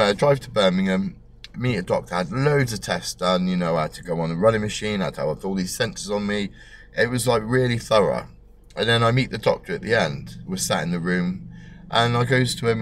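Casting: bloke, thirties, very low voice, blunt and sweary, plays out the dialogue himself. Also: male voice. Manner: animated, acts out dialogue with big pitch jumps. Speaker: storyteller. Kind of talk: personal storytelling to camera.

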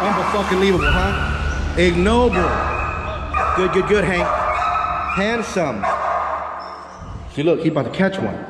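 A man's voice: high-pitched, lively intonation, unhurried, long pauses, in a large hall, loud music behind the voice. A man with a Texan accent, a dog trainer talking casually and profanely to the camera, his dogs and a helper while he trains.

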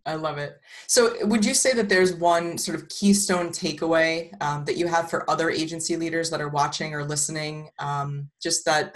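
A woman hosting a podcast, asking thoughtful questions and encouraging her guest. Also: low voice. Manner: attentive, encouraging listener. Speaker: podcast host. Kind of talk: interview questions and backchannels.

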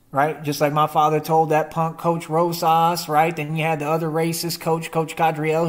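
Defiant high-voiced man ranting. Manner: defiant and combative, repeats rhetorical questions; slangy street talk. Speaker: vlogger. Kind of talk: confrontational rant to the camera.

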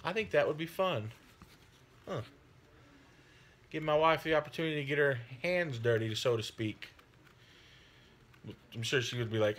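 A man talking casually on his hobby channel, friendly and rambling, with frequent pauses and fillers. His voice has a bright, forward ring. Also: a little high. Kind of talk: casual chat.

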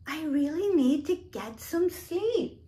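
A woman voicing a sleepy queen in a toddler story who pleads for quiet. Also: high voice, lively intonation, takes it slowly, pitched above the performer's own voice. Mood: exasperated.

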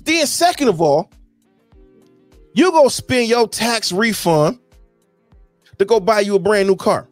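A man, ranting loudly with lots of profanity on a casual podcast. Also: high voice, measured pace, pauses often, no echo, soft background music. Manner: loud, profane, animated ranting. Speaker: podcast co-host. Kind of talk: heated casual rant.

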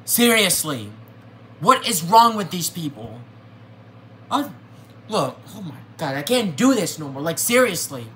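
A young adult vlogger ranting to viewers in an agitated way, repeating themselves, with the voice jumping high and loud whenever they get upset. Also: sing-song, a little slow, long pauses, a little hiss or hum. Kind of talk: ranting to camera.

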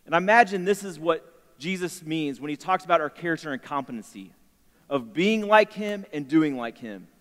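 A man in his thirties giving a storytelling sermon in a chapel, animated and acting out the voices of himself and his son. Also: a little high, normal speed. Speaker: chapel speaker. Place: university chapel. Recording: long hall reverb.

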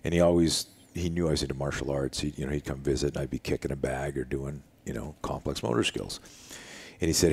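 Middle-aged guy with a really deep husky voice, telling a story in a living room, does the voices of people in it. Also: fast talker. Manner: animated storyteller, acts out quoted voices. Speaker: self-defense instructor, podcast guest. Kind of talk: storytelling in a casual conversation.

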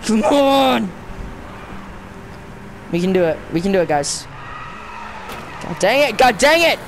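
A young man giving casual let's-play commentary on a racing game, talking to the game and himself in slang and often breaking into frustrated yelling. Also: high voice, takes it slowly, slight background noise. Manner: excitable, frustrated, bursts into yelling outbursts; talks to the game and himself, slangy, "dude" and "bro". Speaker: gamer narrating his own play.

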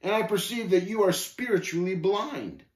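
A man's voice: high voice, moderate pace, voice pushed up, close to an everyday voice. Brief: man doing an undaunted, devout pilgrim, firm and declaiming, in a roomy space. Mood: bold. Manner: bold, firm, scripture-quoting declamation. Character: bold, devout male pilgrim Faithful, undaunted.

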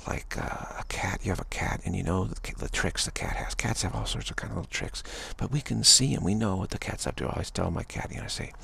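Man, spiritual talk, rambling, gentle, low pitch, husky. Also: sing-song, quick pace, few pauses. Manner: rambling, gentle, repetitive phrasing with frequent "you know". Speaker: spiritual speaker.

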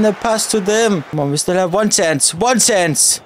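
A man giving excitable live commentary on his football video game, often shouting at his players and the referee. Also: sits high, moderate pace, few pauses, a little hiss or hum. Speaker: gaming YouTuber.

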